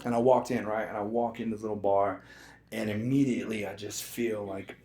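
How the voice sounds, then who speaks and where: Animated stand-up man in echoey club. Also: fairly low pitch, fairly quick. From Navajo Nation. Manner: animated, laughing storyteller, slangy with "dude" and "bro". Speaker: stand-up comedian. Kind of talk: stand-up comedy set. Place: comedy club stage with live audience. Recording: echoey club room with audience noise.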